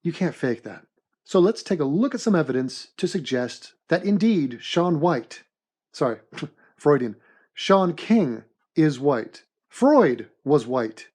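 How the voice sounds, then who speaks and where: A man hosting an animated comedy commentary in a mock-serious, deadpan sarcastic manner. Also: a little high, a little slow, breathy edge. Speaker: host and narrator of an animated commentary.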